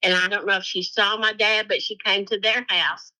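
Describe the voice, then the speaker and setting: A woman's voice: mid-range voice, steady tone, normal speed, bright, forceful tone, rough recording. A woman from Arkansas, recalling events in an interview, chatty with lots of fillers. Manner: chatty, with fillers like "you know". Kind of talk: casual recollection in an interview.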